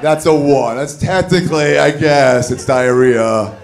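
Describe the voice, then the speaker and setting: A man doing a stand-up comedy set on a club stage, telling a story with animated, shouted put-on voices. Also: on the high side, a little slow, vocal fry, slight background noise. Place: comedy club stage before a live audience. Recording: live club recording with crowd. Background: audience laughter.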